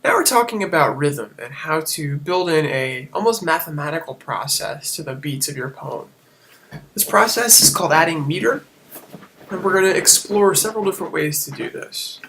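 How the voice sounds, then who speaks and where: A man's voice: a little high, lively intonation, moderate pace, a bit bright, slight background noise. A man teaching a casual lesson on a screen recording, explaining as he goes and correcting himself now and then. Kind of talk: screen-share lesson on poetic meter.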